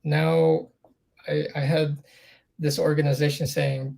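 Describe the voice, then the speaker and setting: Podcast guest, middle-aged man, gravelly and slightly high voice, earnest storyteller. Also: steady tone, a little slow, long pauses, a little mellow. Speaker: interview guest. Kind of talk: candid storytelling in a podcast interview.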